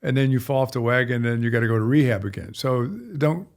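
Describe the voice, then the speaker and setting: A man's voice: medium pitch, brisk. A middle-aged male veterinarian chatting on a podcast, rambling and folksy with blunt asides. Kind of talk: casual podcast chat.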